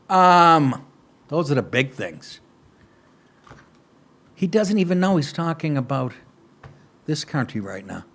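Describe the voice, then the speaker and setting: A man's voice: on the high side, very animated, slow pace, long pauses, fairly bright tone. A man hosting a talk show, ranting sarcastically and crudely over political clips.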